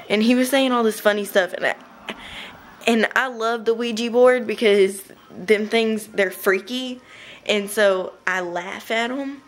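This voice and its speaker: A young woman casually telling a rambling story to her webcam at home, chatty and giggly, with quick bursts. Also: on the high side. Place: home room.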